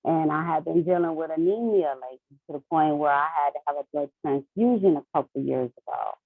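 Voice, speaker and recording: A woman's voice: sits low, brisk, breathy edge, no echo. A woman speaks earnestly on a group call, her words tumbling out in a long, rambling share. The audio is thin and phone-like, dry and close with no room sound. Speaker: call participant. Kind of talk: casual sharing on a group call.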